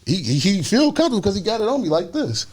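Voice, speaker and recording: A man, telling a story in a casual interview, animated and acting out the other people's voices. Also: sits high, fast, husky. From Chicago. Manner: animated, acts out voices, swings between loud and hushed. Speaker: guest storyteller.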